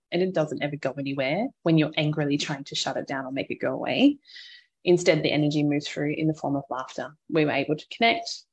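A woman hosting a podcast, candidly recounting a hard parenting moment and offering gentle advice to listeners. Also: low-pitched, slightly rough. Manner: open, reflective storytelling with frequent laughter. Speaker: podcast host and mother. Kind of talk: candid personal podcast talk.

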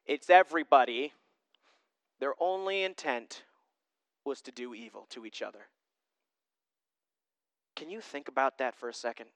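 A young man preaching a sermon as a pastor, conversational and self-deprecating, with lively asides. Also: medium pitch, moderate pace, long pauses, no room sound.

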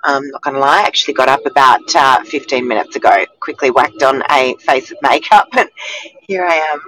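A woman co-hosting a casual chat, her voice husky and tired, chatty and laughing at herself. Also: a bass voice, a little fast, a bit bright, a little hiss or hum, rough recording. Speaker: co-host.

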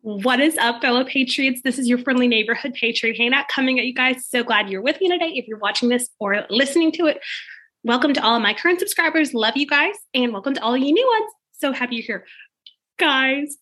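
A woman hosting a casual vlog from her living room, gushing and excitable, rambling with many restarts. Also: high-pitched, fast. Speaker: vlogger host.

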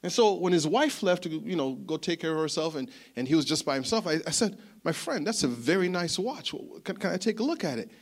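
A man delivers a sermon like a long, rambling story. His voice sits a little high, and he talks in a lively, chatty way, doubling back on his words as he goes. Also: fairly quick, hardly any pauses. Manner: animated, chatty, repeats words. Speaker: pastor.

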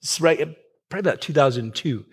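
A male pastor giving a sermon in a conversational way, full of fillers and restarts, acting out quoted lines with big swings in pitch. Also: lively intonation, quick pace, breathy edge. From Southern California.

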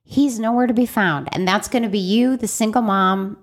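A middle-aged woman co-hosting a podcast, telling stories in a lively, blunt way and swearing freely. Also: mid-range voice, normal speed. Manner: animated storyteller who swears freely. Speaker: podcast co-host and life coach. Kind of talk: casual chat.

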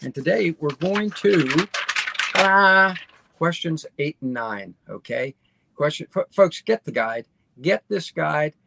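Enthusiastic man with gravelly voice. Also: a little high, expressive, slow, heavy background noise. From Baltimore. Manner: enthusiastic, repeats for emphasis. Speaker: podcast host. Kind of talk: casual interview chat.

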